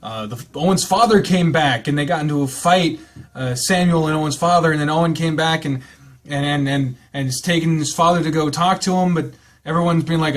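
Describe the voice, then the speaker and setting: A man playing a visual novel aloud, calm while reading and loud, swearing reactions in between. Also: a little high, fairly quick, faint music behind. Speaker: game player.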